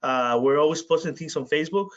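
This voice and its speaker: A man giving a webinar presentation for a community organization, halting often with filler sounds. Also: on the high side. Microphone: video call. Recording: muffled video-call audio.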